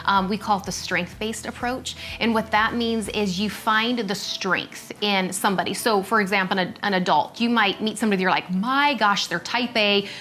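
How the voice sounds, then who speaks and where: A woman in easy conversation as co-host, talking animatedly at a medium pitch. She slips into other voices when she quotes people. Faint music plays softly behind her. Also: normal speed, hardly any pauses. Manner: animated, acts out quoted speech in a shifting voice. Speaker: podcast co-host. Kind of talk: casual chat.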